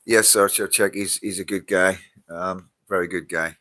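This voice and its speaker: A man's voice: low voice, steady tone, moderate pace, pushed and bright, no room sound. Tired, swearing Northern Irish man. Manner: swears freely, greets viewers by name, laughs often. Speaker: livestream host reading viewer comments. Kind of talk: casual live-stream chat.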